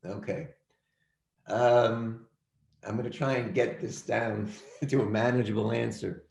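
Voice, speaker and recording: Emphatic male teacher with a gravelly voice. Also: medium pitch, steady tone, unhurried, darkish tone, reverberant. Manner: emphatic, repeats phrases, calls on students by name. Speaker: history teacher. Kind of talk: online class lecture. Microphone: video call.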